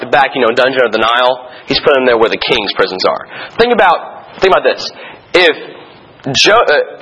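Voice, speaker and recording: A man giving an informal Bible teaching in a conversational, animated way, acting out the people in the story. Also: breathy edge. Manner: conversational, animated, acts out quotes with shifting pitch. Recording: dull lo-fi recording.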